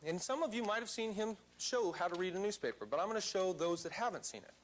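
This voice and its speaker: A man telling a story to a live seminar audience, animated and theatrical. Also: high-pitched, fast, a little hiss or hum. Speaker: seminar speaker.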